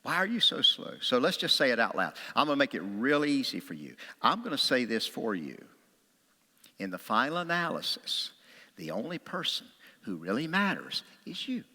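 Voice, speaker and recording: Bright-voiced pastor preaching in a hall. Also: male voice, medium pitch, normal speed. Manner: animated storytelling, acts out quotes with a raised voice or a whisper. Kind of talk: sermon. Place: church sanctuary. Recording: long hall reverb.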